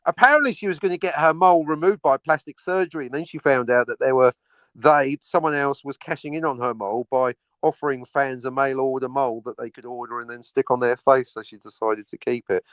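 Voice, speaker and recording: A man's voice: medium pitch, a little fast, fairly bright tone, no room sound. A man co-hosting a casual podcast, ranting sarcastically and swearing freely. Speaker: podcast co-host. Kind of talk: casual crude banter.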